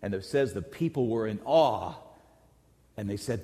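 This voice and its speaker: A middle-aged man preaching a sermon as a pastor, emphatic, rising to loud peaks and dropping to quiet asides. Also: fairly low pitch, lively intonation, moderate pace. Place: large church sanctuary. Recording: long hall reverb in a large church.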